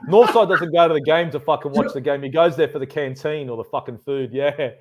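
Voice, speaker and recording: A man's voice: on the high side, fairly quick, dull audio, a little hiss or hum. A man co-hosting a live football watchalong, teasing his partner in blunt, sweary banter. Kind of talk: casual live match chat.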